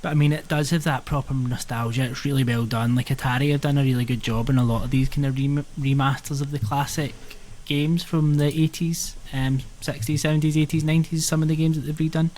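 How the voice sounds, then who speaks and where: A man co-hosting a podcast, reviewing a game in an earnest, hesitant way and filling his pauses with "um". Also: mid-range voice, fairly even intonation, darkish tone. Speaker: podcast co-host. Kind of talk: casual chat.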